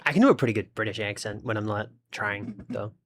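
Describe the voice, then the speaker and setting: Talking fairly quickly in a lowish voice, an Australian streamer chats casually with his viewers as he works on his game. He thinks out loud throughout, and there's slight background noise.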